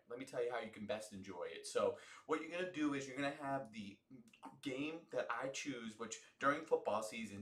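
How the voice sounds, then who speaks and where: An American man hosts a live football watch-along, rambling and swearing in an excitable flow. His voice sits mid-range. The room around him is echoey. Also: medium pitch. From United States. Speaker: host of an alternate sports broadcast.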